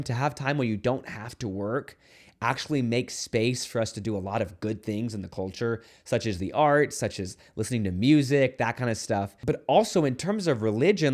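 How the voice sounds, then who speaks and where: A man speaking as a Catholic priest in a relaxed video homily. His voice sits at an ordinary middle pitch, and he talks earnestly while tossing in light, playful asides. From United States.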